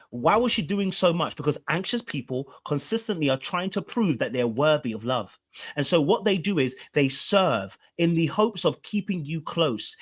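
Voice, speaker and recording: A man, a relationship coach, commenting on a played clip and explaining with repeated rhetorical questions. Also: on the high side.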